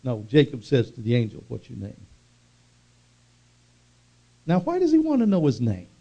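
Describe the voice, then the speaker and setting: A man preaching a sermon, emphatic and drawing out key words slowly for weight. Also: medium pitch, wildly swooping pitch, warm tone, dull audio.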